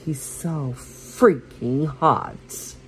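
A woman reading a romance story aloud for her podcast, soft and unhurried, with small slips and restarts. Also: low voice, a little hiss or hum, low-quality recording.

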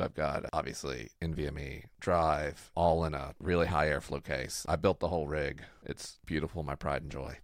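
A man co-hosting a podcast in casual, playful chat, often trailing off low and quiet at the ends of phrases. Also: no echo, clean studio sound. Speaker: podcast co-host.

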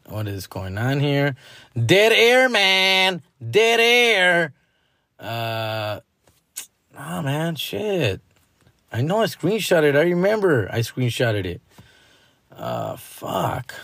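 A man's voice: mid-range voice, no room sound. A man in his forties hosting a comedy podcast, rambling casually in slangy, profane talk with Spanish words mixed in. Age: 40s.

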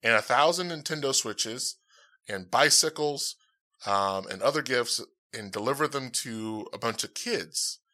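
A man's voice: medium pitch, expressive, unhurried, pushed and bright. A man hosting his own podcast in casual, rambling chat, upbeat and full of fillers, speaking into a dynamic podcast mic. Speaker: podcast host.

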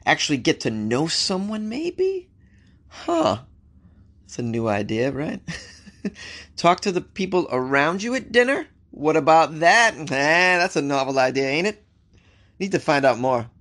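A US news-show host with a slightly high, fairly bright voice reads the stories out loud, animated but a touch slow. Casual and wry, he cracks jokes about each item and answers back to the news.

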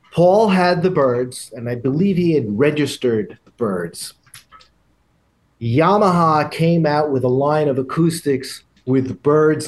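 A man, a guest on a podcast, telling insider anecdotes in a measured, unhurried way with small hesitations. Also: medium pitch. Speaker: podcast guest, guitar industry veteran. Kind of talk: casual interview chat.

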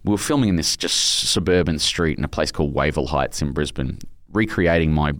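Middle-aged Australian man, very low voice, dry close sound, rambling heartfelt storyteller. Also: a little fast, fairly bright tone, dry recording. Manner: rambling, emotional storytelling with many restarts. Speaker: author being interviewed. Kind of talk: casual interview chat.

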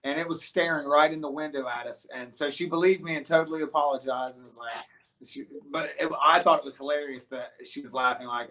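A man's voice: fairly high pitch, a little fast. A man who plays in a band, guest on an interview show, telling stories casually with many restarts and fillers. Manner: rambling, animated storyteller with many restarts and fillers. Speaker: guest musician.

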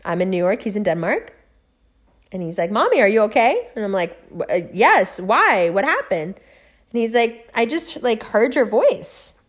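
Her pitch is medium and her pace a little slow as this middle-aged woman vlogger rambles through a personal story. The monologue is casual and full of swearing, moving between loud excitement and hushed recounting.

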